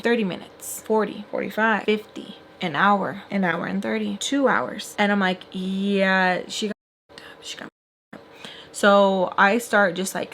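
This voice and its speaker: Young woman, storytime vlogger, chatty, filler-heavy, acts out quotes, mid pitch, faint background noise. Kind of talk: casual storytime while doing makeup.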